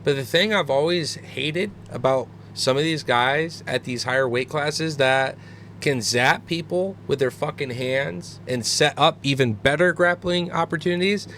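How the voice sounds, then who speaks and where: A man's voice: a little high, unhurried, a little hiss or hum. A man co-hosting a podcast, breaking down fights with energy and plenty of swearing. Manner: energetic, profane, analytical. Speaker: podcast co-host.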